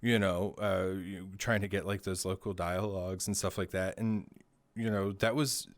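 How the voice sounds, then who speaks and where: A man's voice: low voice, steady tone, moderate pace, no echo. A man from Maryland hosting a casual studio talk show, joking and laughing often with his guest. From Maryland, USA.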